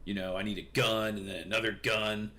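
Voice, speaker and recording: A man's voice: on the low side, steady tone, fairly quick, sharp tone. A young man casually reading and commenting on the news, profane and rambling with lots of fillers.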